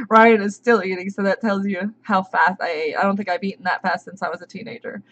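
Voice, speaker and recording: A chatty woman hosting a homestead live stream, her voice sitting a little higher than most. She talks casually to her viewers, greeting them by name and answering their questions. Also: normal speed, a bit bright.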